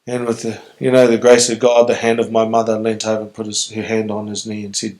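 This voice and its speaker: A man's voice: lowish voice, completely flat delivery, a little fast, hardly any pauses, a little mellow, rough recording. A middle-aged man from New Zealand with a New Zealand accent, speaking earnestly and reflectively as a guest in a live stage Q&A. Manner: earnest, reflective, emotionally open. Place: on stage before an audience.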